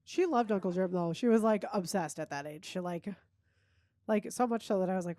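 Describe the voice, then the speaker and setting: A woman hosts a podcast, chatting casually and telling family stories while laughing often. Her voice is medium-pitched and mellow, her pace brisk, and there's no echo.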